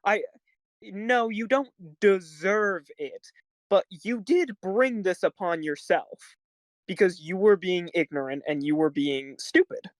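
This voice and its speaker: Rambling teen podcast host, dry sound. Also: male voice, high-pitched, no echo. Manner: rambling, halting with many fillers. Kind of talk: casual chat.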